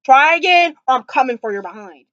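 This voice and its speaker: A brash, sassy young woman scolding her boyfriend, as a woman puts her on, firing off demanding questions in a raised, high voice. The sound is dull and a little muffled. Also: expressive, fairly quick, a bit bright, dry recording.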